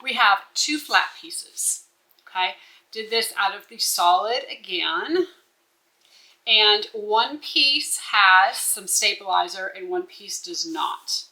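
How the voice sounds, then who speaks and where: Woman instructor, crisp bright voice, patient step-by-step sewing walkthrough. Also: mid-range voice, rough recording. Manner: instructive, checks in with "okay?". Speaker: bag-making instructor.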